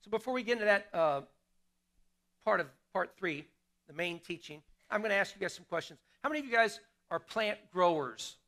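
In a church sanctuary, a middle-aged male pastor preaches a sermon in a fairly high voice for a man, bright and forward in tone. Animated and brisk, he keeps it conversational, asking the congregation questions and repeating his key lines.

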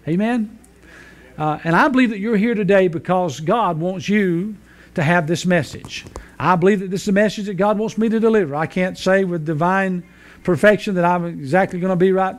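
A man's voice: high-pitched, moderate pace. A man in his fifties, a pastor, preaching a sermon in a folksy joking manner with frequent fillers. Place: church sanctuary.

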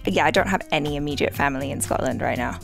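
A woman co-hosting a reaction video in casual chat, chatty and quick to laugh. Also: low-pitched, creaky, soft background music. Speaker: reaction channel co-host.

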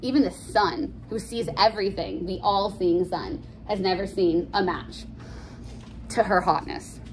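A woman casually explaining a play in a chatty, slangy, animated way. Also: mid-range voice, measured pace, a little hiss or hum. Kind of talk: casual lesson with read-aloud scenes.

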